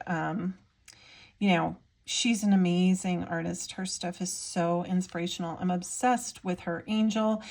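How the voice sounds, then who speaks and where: A woman in her thirties, an artist chatting casually in her vlog, bubbly and gushing with lots of fillers as she shows her work. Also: medium pitch. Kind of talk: casual chat while showing items.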